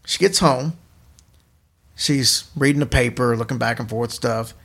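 Male podcast host, gravelly and casual, narrating creepy tales. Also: medium pitch, unhurried, fairly bright tone. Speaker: podcast host telling ghost stories. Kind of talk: casual storytelling chat.

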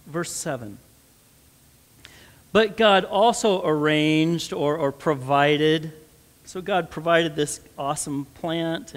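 A man with a Midwestern American accent preaching a sermon, conversational and then rising to emphatic stresses. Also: a little high. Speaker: pastor. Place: church sanctuary. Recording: long church reverb.

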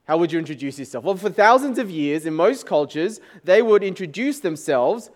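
High-voiced pastor giving a chatty sermon. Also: male voice, expressive, moderate pace. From Chinese background. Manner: conversational, joking with the congregation.

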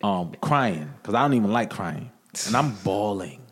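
A man tells his life story as a podcast guest, earnest and conversational, circling back on his own words. His voice sits fairly low. The room rings with a long, echoing reverb. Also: big pitch swings, moderate pace, slightly rough. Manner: earnest storytelling with many repeated phrases. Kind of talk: personal testimony in casual conversation.

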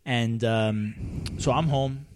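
A man's voice: mid-range voice, steady tone, takes it slowly, darkish tone, slight background noise. A young man from Canada, co-hosting a podcast in casual chat, rambling and joking and correcting himself as he goes. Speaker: podcast co-host.

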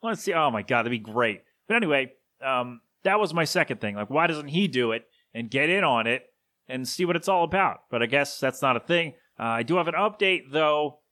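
A man hosting a solo podcast, talking casually and with strong opinions, often correcting himself and sometimes slipping into a gruff put-on voice for quick impressions. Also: on the high side, lively intonation, sharp tone. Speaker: podcast host. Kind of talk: solo rambling podcast talk.

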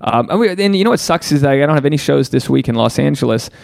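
A man hosting a podcast, giving casual advice and answering listener emails in an animated way, swearing freely and acting out the voices he quotes. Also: mid-range voice, fast, creaky, dry recording, clean studio sound. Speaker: podcast host.

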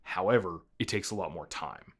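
A young man with a fairly low voice talks loosely about a film he saw. He rambles and reaches for fillers, and he laughs easily as he goes. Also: moderate pace. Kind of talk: casual movie review chat.

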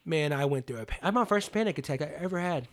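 A man's voice: a little high, animated, quick pace. A young adult man, a podcast guest, telling personal stories in an earnest, casual way, full of "like" and "you know what I mean".

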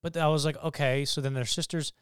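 A man co-hosting a casual film podcast talks in an animated way, swears a lot, and acts out lines from scenes. His voice sits a bit high and sounds smooth and clear, with a dry, close sound. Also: fast, dry recording. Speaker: podcast co-host. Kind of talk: casual chat, film review.

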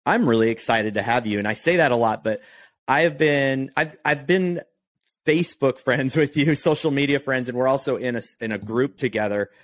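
A man's voice: mid-range voice, moderate pace, no echo. A man hosting a podcast interview in an upbeat, eager, casual way, laughing easily. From Oregon. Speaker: podcast host.

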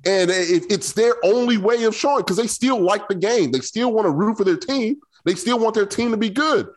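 A man talks sports with his co-hosts in a blunt, emphatic manner. His voice sits high for a man, and his pitch swings widely as he makes his points. The delivery is casual and opinionated. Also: animated, normal speed. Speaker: sports talk co-host.

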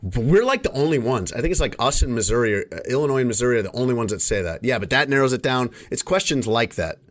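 Chicago guy on a podcast, mid-pitch voice, rambles and restarts a lot, just chatting. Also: animated, fast. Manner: rambling, self-correcting storyteller. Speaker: podcast host. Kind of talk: casual chat.

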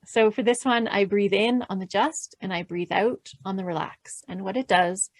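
A woman calmly explaining breathing mantras in an interview, gentle and measured, with light laughs. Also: medium pitch, no echo. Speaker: podcast host and guest expert. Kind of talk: calm instructional explanation.

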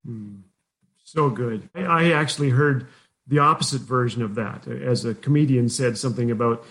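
A man's voice: mid-range voice, normal speed, a bit bright. A man hosting a faith-based humor radio show, responding to his guest and giving the closing words with light chuckles.

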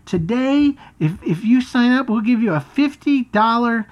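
A man imitating a pushy, eager saleswoman making a sales pitch in a raised voice. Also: lively intonation, unhurried, dull audio. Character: pushy upbeat woman timeshare saleslady.

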